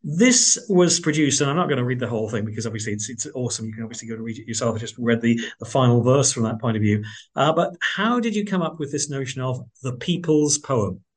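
A man's voice: medium pitch, lively intonation, fast. Chatty male radio host. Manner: chatty, many fillers, upbeat. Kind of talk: radio interview.

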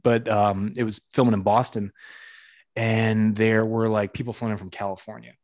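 Animated young man from Massachusetts. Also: on the low side, normal speed. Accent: Western Massachusetts. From Western Massachusetts. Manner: animated storytelling, acting out quotes. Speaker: podcast host. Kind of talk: casual chat.

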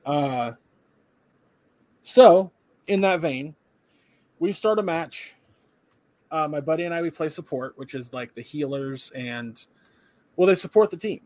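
A young man with a slightly high voice tells a story on a casual chat podcast. He sounds worn out but still animated, and he acts out the people he quotes. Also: measured pace, pauses often, no room sound. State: tired. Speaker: podcast co-host.

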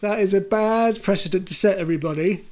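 Quavery-voiced man, high and dry. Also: brisk. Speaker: guest podcaster. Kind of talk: casual comedy chat.

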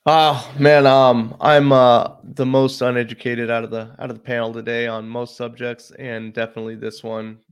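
A man's voice: mid-range voice, flat delivery, moderate pace, few pauses, smooth. A man from the US Pacific Northwest speaking as a guest on a livestream panel, easygoing and hesitant with lots of ums. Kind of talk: casual livestream panel talk.

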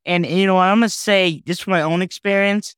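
Podcast guest, male, slightly higher register, emotional storyteller, close dry mic. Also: brisk, smooth, dry recording. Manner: heartfelt, animated, says "man" and "okay?" often.

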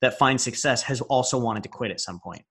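A man's voice: mid-range voice, fairly quick, a bit bright. A man hosting a coaching podcast interview, talking candidly and encouragingly, with casual swearing. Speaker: business coach and podcast host.

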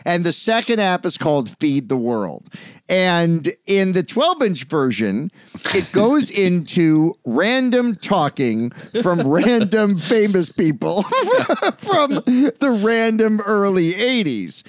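Animated high-voiced man chatting. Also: dry recording. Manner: excitable, laughs often, hops between quick and drawn-out phrases. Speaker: podcast co-host. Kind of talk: casual chat.

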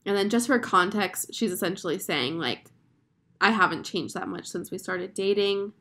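Young woman rambling advice, lots of likes and ums, earnest, middle pitch. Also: animated, normal speed, fairly bright tone. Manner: chatty, filler-heavy, earnest. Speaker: advice podcast host. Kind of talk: casual advice chat.

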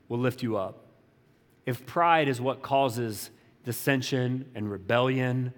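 A man's voice: mid-range voice, big-room sound. A man preaching a sermon as pastor, talking in a casual, conversational way with slangy asides and playful voiced quotes.

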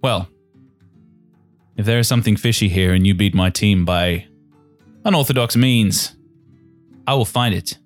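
A man's voice: lowish voice, measured pace, long pauses, faint music behind, close to an everyday voice. A man voicing a haughty young male elven mage captain, speaking in a cold, formal, snooty way.

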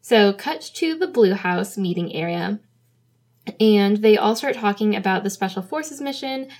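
A woman's voice: medium pitch, animated, measured pace, a little mellow. Casual chatty woman co-host. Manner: casual, laughs easily, frequent fillers. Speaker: podcast co-host. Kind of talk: casual chat recapping a drama episode.

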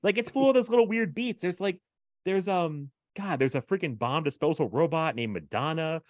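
A man's voice: a little high, normal speed, no echo, lo-fi sound. A man co-hosting a podcast in casual chat, rambling with lots of fillers and frequent laughs. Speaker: podcast co-host.

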